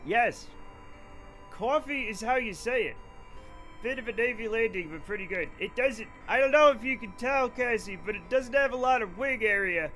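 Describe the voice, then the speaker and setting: A man's voice: very high voice, moderate pace, faint music behind. A young man streaming a space flight game, chatting with his viewers, swearing freely and ranting in mock anger. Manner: animated, answers chat, swears freely, mock-angry rants. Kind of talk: casual live-stream commentary.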